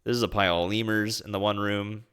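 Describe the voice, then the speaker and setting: A man with a fairly low voice chats casually over his travel photos, tossing out amused, goofy remarks. He sounds relaxed, recorded indoors. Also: clean tone. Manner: playful and amused, drawn-out silly asides. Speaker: vlogger recapping a trip. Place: indoors at home streaming.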